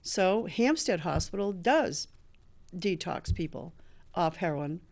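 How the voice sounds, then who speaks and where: Slow and animated, this lowish, slightly mellow woman's voice belongs to a show host sharing a personal story. An older woman in recovery, she speaks earnestly and performs the lines of the people in her tale.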